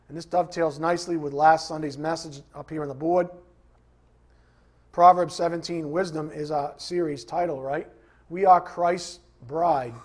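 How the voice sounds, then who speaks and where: A man preaching a sermon, repeating scripture references and putting questions to his congregation in an emphatic style. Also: on the high side. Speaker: pastor.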